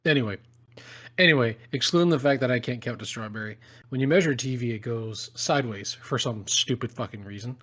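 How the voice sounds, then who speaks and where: Young male co-host, mid pitch, sardonic, profane rants. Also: brisk, a bit bright. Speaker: podcast co-host. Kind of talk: crude comedic podcast banter.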